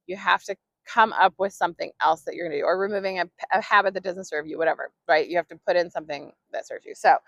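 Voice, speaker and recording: This podcast host, a woman, has a fairly low, slightly bright voice captured in a dry recording. Her solo monologue is relaxed and meandering, packed with fillers and laughter.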